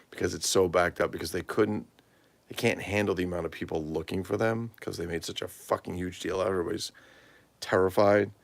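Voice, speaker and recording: A man's voice: deep voice, gravelly, no room sound. A tired man chatting casually and rambling on a livestream, swearing freely. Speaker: toy collector livestream host.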